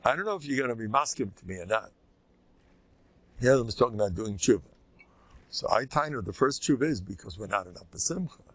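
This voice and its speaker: An older man, a rabbi, giving an informal, animated Torah lecture with a conversational, joking delivery. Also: fast talker, long pauses, no room sound. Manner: animated and conversational, swinging pitch, jokes with listeners. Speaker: rabbi teaching a class.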